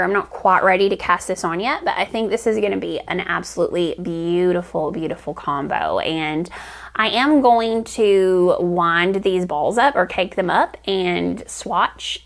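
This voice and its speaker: A woman's voice: mid-range voice, creaky. A woman hosting a crafting vlog, chatting enthusiastically to camera with rambling restarts. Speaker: knitting vlog host. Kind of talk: casual chat to camera.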